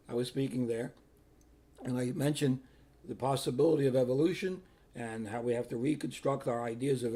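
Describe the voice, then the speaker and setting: Older man, priest, animated storyteller, husky, gravelly voice. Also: medium pitch. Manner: animated, repeats himself, acts out quotes. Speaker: Catholic priest. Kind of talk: personal storytelling.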